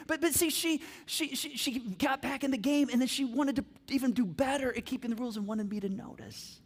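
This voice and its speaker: A middle-aged man preaching a sermon as pastor, telling family stories and acting out the scenes with animated energy. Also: very high-pitched, a little fast, hardly any pauses.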